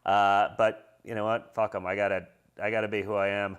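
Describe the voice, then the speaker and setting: A man's voice: on the low side, flat delivery, a little fast, smooth, highs cut off. A man hosting a casual livestream, talking bluntly and combatively and reading out viewer comments.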